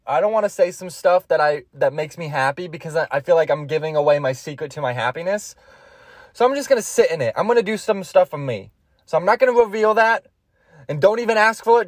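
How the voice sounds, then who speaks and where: A man's voice: sits high, a little fast, dry recording, clean studio sound. A man hosting a solo podcast, rambling in a crude, jokey way. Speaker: podcast host.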